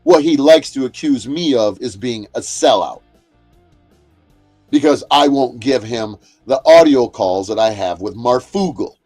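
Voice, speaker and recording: Man, angry livestream rant, profane, confrontational, repetitive, mid pitch, faint guitar music behind. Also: expressive, a little slow, darkish tone, slightly rough. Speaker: livestream host. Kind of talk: angry ranting monologue.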